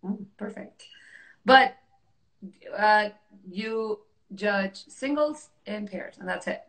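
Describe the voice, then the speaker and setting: A woman hosts a relaxed conversation, talking with many fillers and dramatic quoted lines. Her voice sits in the middle of the range and sounds through an echoey room. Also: medium pitch, takes it slowly. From Mexico. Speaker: host and technical specialist. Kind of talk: casual interview chat.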